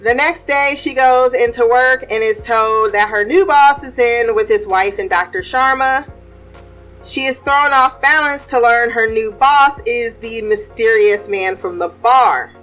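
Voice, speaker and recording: A woman's voice: fairly high pitch, unhurried, a bit bright, faint music behind. A woman hosting a casual TV recap, blunt and profane, laughing often as she reviews an episode. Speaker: TV recap podcast host.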